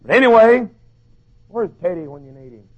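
A hoarse male preacher, shouting through a fiery sermon. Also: high voice, lively intonation, normal speed. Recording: dull lo-fi recording.

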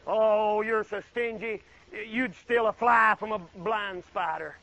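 A man preaching a folksy sermon, swinging from loud exclaiming to low murmured asides. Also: fairly even intonation, takes it slowly, vocal fry, poor audio.

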